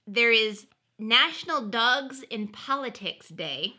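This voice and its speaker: A young woman with a very bright, ringing voice co-hosts a casual podcast. Her pitch sits a little high and swings widely as she reads through a list with upbeat energy. She laughs easily between items. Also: lively intonation, slow. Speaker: podcast co-host. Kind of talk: casual chat.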